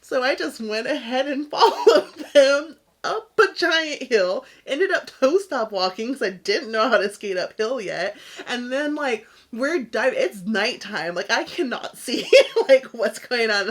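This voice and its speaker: Lively laughing woman podcast co-host. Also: a little slow. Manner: animated, laughing often, acts out others' lines in a higher voice. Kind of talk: casual storytelling chat.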